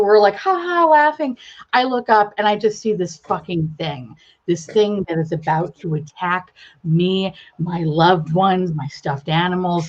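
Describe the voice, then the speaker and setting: A woman's voice: medium pitch, lo-fi sound. A woman guest in a casual live-stream chat, telling stories dramatically and swearing freely.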